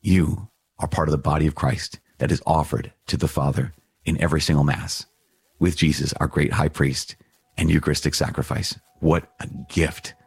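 A man's voice: very deep voice, steady tone, moderate pace, vocal fry, slightly rough, no echo. A man, a priest hosting a podcast, giving an earnest closing blessing and sign-off.

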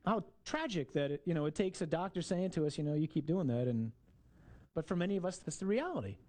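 Priest preaching, kinda high voice, loose jokey storytelling vibe. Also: male voice, sing-song, quick pace, a little mellow. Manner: conversational, jokey storytelling with asides to the congregation. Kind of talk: sermon.

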